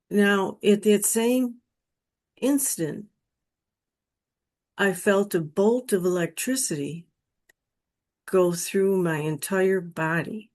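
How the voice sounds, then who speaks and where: A woman's voice: medium pitch, darkish tone. A woman telling her personal near-death experience story in an earnest, emotional way. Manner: slow, earnest, emotional retelling.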